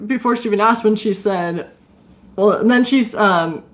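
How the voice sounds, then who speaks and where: Woman podcast co-host, casual storytelling, animated and excitable, lots of "like"s, middle pitch. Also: normal speed.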